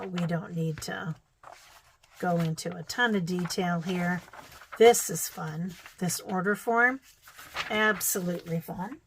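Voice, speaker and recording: Showing off old quilting magazines, a middle-aged Midwestern American woman vlogs in a casual, thinking-aloud way, dropping fillers and little exclamations. Her voice is on the low side, and the low-quality audio carries slight background noise.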